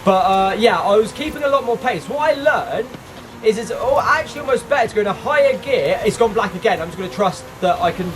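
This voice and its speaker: Excitable gaming man, high lively voice. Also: a little fast, very noisy. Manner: excitable, bursts into frustrated shouts. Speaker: gaming YouTuber. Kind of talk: racing game commentary while playing.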